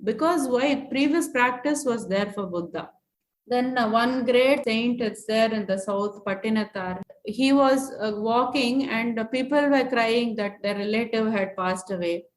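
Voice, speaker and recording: A woman teaching scripture, chanting Sanskrit verses slowly and then explaining them word by word. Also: on the high side. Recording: echoey room.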